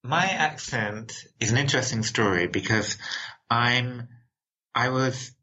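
An upbeat man from England whose accent sits between London and American, answering interview questions with frequent laughs and repeated words. His voice is bright and forceful but a bit husky. The audio is dull and lo-fi. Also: medium pitch, a little slow. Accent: mixed London and American. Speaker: interview guest.

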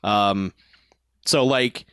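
A man in casual movie-review chat, animated, laughing often and acting out characters' lines. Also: fairly low pitch, very slow, clean tone, no room sound, studio quality.

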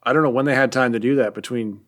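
A man's voice: medium pitch, quick pace, a bit bright. A man co-hosting a casual podcast, making dry, wry remarks about a comic. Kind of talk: casual chat.

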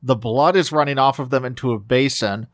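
A man's voice: medium pitch, a little fast, dry recording, clean studio sound. A man co-hosting a podcast, talking enthusiastically about a movie, often restarting his sentences mid-thought. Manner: enthusiastic, talks with frequent restarts. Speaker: podcast co-host. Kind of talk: casual film discussion.

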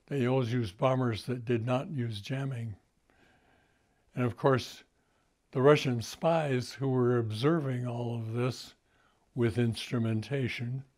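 Slow, halting older man recalling events. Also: medium pitch, darkish tone. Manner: halting, many fillers and restarts. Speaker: interview guest. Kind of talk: interview.

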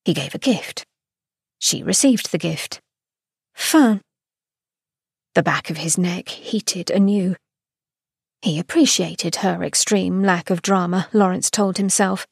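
A woman giving a scripted, expressive narration of a romance novel excerpt. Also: fairly low pitch, unhurried, gravelly, husky, no echo, clean studio sound. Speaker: podcast host reading a novel excerpt.

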